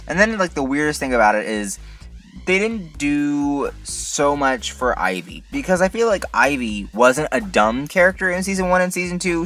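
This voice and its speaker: A man rants through a casual video review, exasperated and incredulous, firing off rhetorical questions. His pitch swings widely and his tone is bright and sharp. Faint music plays behind him. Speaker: TV episode reviewer, channel host.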